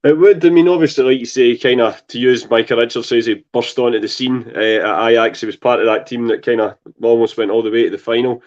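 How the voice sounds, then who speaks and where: Man, football podcast analysis, measured, mid voice, dull lo-fi sound. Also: medium pitch, darkish tone. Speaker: podcast co-host. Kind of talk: casual football chat. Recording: dull lo-fi audio.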